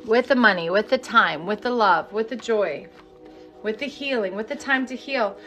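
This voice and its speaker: A woman energy healing coach leading a live-streamed session, talking candidly and bluntly, then turning to slow, repeated guided affirmations. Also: fairly high pitch, pushed and bright, faint music behind. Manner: candid, chatty and profane, then slow incantatory guidance.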